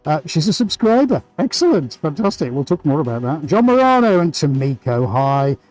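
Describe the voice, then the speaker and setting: Upbeat man, slightly high voice. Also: normal speed, low-quality recording. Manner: energetic, chatty, greets viewers by name. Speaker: artist hosting a live stream. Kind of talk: casual live-stream chat while painting.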